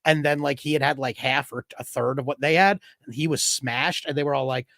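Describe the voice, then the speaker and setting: A man's voice: medium pitch, steady tone, a little fast, creaky, fairly bright tone, dry recording. A middle-aged man from the Philadelphia area, co-hosting a comedy podcast in casual chat and telling rambling anecdotes with frequent laughs. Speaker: podcast co-host.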